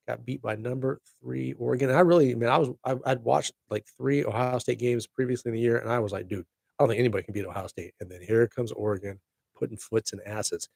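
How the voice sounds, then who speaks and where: A middle-aged man hosts a casual solo podcast, talking in a chatty, upbeat way and tossing in jokey asides. His voice has a gravelly edge and sits at a middle pitch. The sound is dry and close, with no room echo. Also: a little mellow. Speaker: podcast host.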